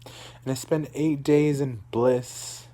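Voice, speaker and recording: A man's voice: medium pitch, steady tone, slow pace, warm tone. A young man from Dallas, Texas, telling a personal story in a rambling, emotional way, repeating himself and swearing. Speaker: vlogger.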